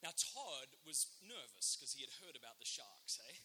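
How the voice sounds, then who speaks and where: An Australian man, a father of four, telling a funny true story to an audience with lively, acted-out storytelling and loud bursts. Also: mid-range voice, normal speed, slight background noise. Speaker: speaker giving a talk. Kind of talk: comic storytelling to a live audience.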